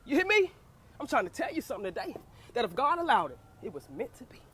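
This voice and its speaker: A young woman with a notably high voice preaches her testimony with fervor. She repeats lines and keeps checking in with her listeners. Her energy surges and drops as she drives each point home. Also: big pitch swings, fast, fairly bright tone, breathy edge. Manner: fervent, repeats phrases and calls "you hear what I say?" to listeners. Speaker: speaker giving a personal testimony.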